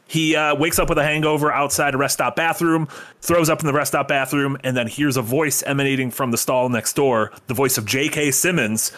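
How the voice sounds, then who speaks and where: A man's voice: medium pitch, fairly even intonation, fairly quick, fairly bright tone. A man co-hosting a casual podcast chat, retelling plots with stumbling restarts and bits of laughter. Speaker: podcast co-host.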